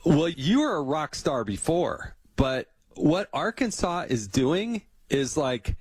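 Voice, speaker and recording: A man's voice: a little high, very animated, slow pace, breathy edge, no echo. A man hosting a podcast, chatting casually with his guest and telling anecdotes, laughing easily. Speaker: podcast host. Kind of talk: casual interview chat.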